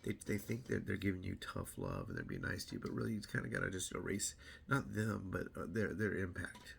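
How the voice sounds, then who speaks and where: A man's voice: deep voice, lively intonation, a little fast, vocal fry, fairly bright tone, slight background noise. A middle-aged man rambling casually to camera about his weight loss, repeating words and acting out what other people say.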